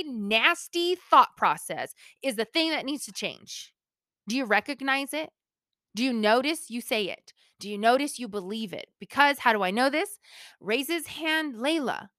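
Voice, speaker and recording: A woman's voice: a little high, very animated, a little slow, sharp tone, no echo, clean studio sound. A woman hosting a motivational solo talk, chatty and playful, laughing often and speaking straight to her listeners.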